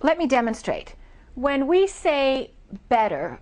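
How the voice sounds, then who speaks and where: An American woman teaching pronunciation as an accent reduction trainer. Her voice sits a bit high and she moves at an unhurried pace. She sounds out each example word deliberately, demonstrating every contrast clearly. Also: expressive. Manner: slow, deliberate, over-articulated demonstrations. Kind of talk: pronunciation lesson.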